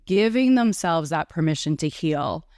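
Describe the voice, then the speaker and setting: Woman guest, New York area, low voice, eager storyteller, dry close mic. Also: animated, moderate pace, a little mellow, no room sound. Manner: enthusiastic, chatty storyteller. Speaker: guest, breathwork and Reiki facilitator. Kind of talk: casual conversational interview.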